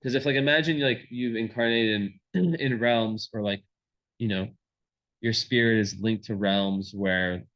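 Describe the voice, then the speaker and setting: A man's voice: on the low side, fairly even intonation, a little slow, fairly bright tone, rough recording. Rambling man giving an astrology reading. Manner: rambling, many fillers and restarts.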